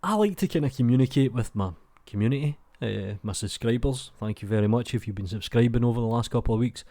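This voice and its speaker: A young adult Scottish man hosts his YouTube channel, reading viewer comments in a chatty, rambling, laid-back way. His medium-pitched voice is quick and dark-toned with no echo, spoken into a desk mic lacking a pop filter.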